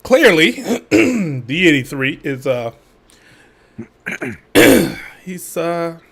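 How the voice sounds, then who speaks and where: A man with a slightly husky voice co-hosts a casual podcast. He teases his partner in a dry, deadpan way, and his pitch moves up and down a lot as he talks. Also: extremely slow. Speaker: podcast co-host. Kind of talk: casual chat.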